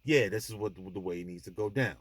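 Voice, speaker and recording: A man with a fairly low voice talks quickly, with no echo, as host of his own vlog. Speaking from an airport, he gives an impassioned monologue to the camera that is blunt, emphatic and preachy, with frequent restarts.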